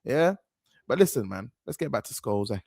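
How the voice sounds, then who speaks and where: A man's voice: mid-range voice, big pitch swings, brisk, creaky, a little mellow, no room sound, studio quality. A young man, giving slangy, rambling, outspoken reaction commentary as a football fan host.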